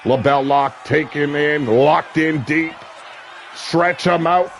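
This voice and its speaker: A man calling a wrestling match play-by-play, brash and crude, with sudden shouted bursts of excitement. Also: fairly high pitch, slow pace, gravelly, a little hiss or hum. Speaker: wrestling commentator. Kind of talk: play-by-play commentary. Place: seated at a ringside commentary table.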